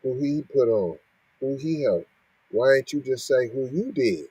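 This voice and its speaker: A man reads out news and keeps cutting in to scold, firing off rhetorical questions. His voice is dark and husky. It is recorded dry and close. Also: mid-range voice, expressive, moderate pace, no room sound, poor audio. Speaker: podcast host reacting to news. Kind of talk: reading and ranting commentary.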